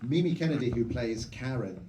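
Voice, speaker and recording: A director reminisces calmly in front of a cinema audience. His voice is dark and mellow. It is picked up from well back in the hall, so it sounds distant and roomy, with a faint hiss. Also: medium pitch. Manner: relaxed reminiscing, measured. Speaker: film director. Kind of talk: onstage conversation. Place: cinema auditorium before a live audience. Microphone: stage mic recorded from the audience. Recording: distant, echoey hall recording with faint noise.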